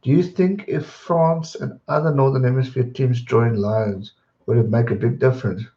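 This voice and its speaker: A young man, chatting casually on a live stream and answering viewer questions in a rambling, relaxed way. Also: mid-range voice, normal speed. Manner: relaxed, rambling, repeats words when distracted. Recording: dull roomy home stream audio.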